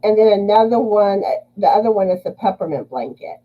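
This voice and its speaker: A woman guest in a casual crafting chat over a video call, chatty, with halting restarts. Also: medium pitch, expressive, lo-fi sound.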